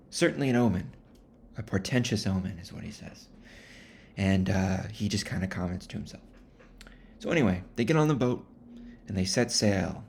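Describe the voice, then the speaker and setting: A man retelling a classic novel in a casual, rambling comic way, with offhand deadpan asides. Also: low-pitched, vocal fry, a little hiss or hum. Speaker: storyteller.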